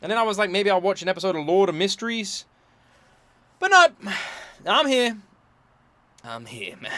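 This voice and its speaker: Animated man ranting in a reaction video. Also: high voice, normal speed, long pauses, a little hiss or hum. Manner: exasperated ranting, swearing, swinging between shouting and mumbling. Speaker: YouTube reactor.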